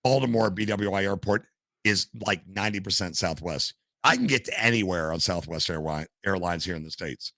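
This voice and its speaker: An older man, a podcast guest, telling stories in a casual, animated way and acting out what others said. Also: low-pitched, a little fast, no room sound. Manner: animated storyteller, acts out quotes. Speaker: podcast guest, gamer and streamer. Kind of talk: casual storytelling interview.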